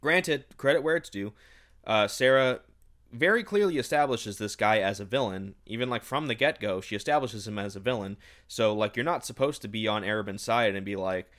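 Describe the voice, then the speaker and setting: A man's voice: lowish voice, animated, fairly quick, a bit bright. A man recapping a novel in a casual, sarcastic and exasperated rant. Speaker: book reviewer.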